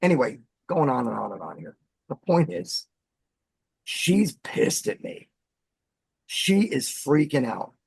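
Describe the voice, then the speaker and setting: Animated man spinning a spooky yarn. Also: on the high side, takes it slowly, vocal fry, pauses often, husky, no room sound. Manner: animated, dramatic storyteller. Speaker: podcast guest, former bassist. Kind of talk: storytelling in casual chat.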